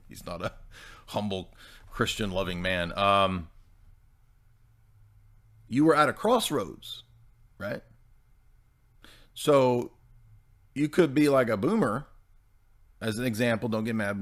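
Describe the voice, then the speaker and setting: Chatty man asking "right?". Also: on the low side. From American Bible Belt. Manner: rhetorical, keeps asking "right?". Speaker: commentator. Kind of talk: casual podcast commentary.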